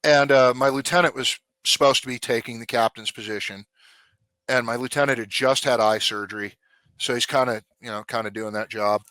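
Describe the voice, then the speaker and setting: A man's voice: medium pitch, brisk, dry recording. A man, a former police officer, telling his story in a casual, blunt and profane way. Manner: blunt, profane, animated retelling.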